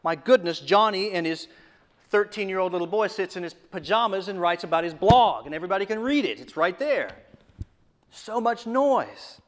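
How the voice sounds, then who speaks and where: A man preaching a sermon, repeating phrases for emphasis and often dropping to a low, hushed voice. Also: lively intonation, a little fast.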